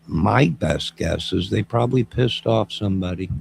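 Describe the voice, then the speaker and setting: Man, very low gravelly voice, rambling mocking monologue, faint hum behind. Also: normal speed, a little mellow. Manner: mocking, wandering, talks to an unseen listener.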